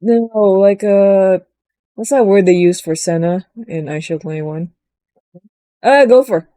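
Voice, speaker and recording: A woman chatting casually as she recaps a story, rambling with many fillers and jumping into a higher voice to quote characters. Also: a little slow, warm tone, clean tone, no echo. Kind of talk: casual chat.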